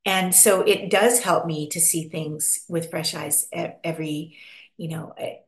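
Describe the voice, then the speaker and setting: A woman's voice: lowish voice, unhurried. Chatty American woman, roomy sound. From Pennsylvania, USA. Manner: expressive, chatty, acts out little quoted voices. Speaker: podcast guest. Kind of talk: casual interview chat. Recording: roomy echo.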